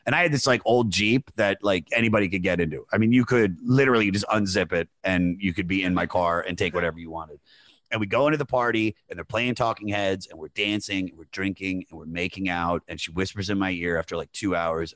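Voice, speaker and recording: A man's voice: sits low, fairly quick, fairly bright tone, no echo. A man telling a long story in casual podcast chat, rambling with many fillers. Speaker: podcast guest.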